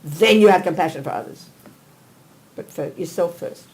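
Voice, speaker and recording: An older woman giving a Buddhist teaching in a blunt, emphatic, conversational way, swinging between quiet asides and animated bursts. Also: fairly low pitch, moderate pace, poor audio. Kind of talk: dharma teaching talk. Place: teaching hall.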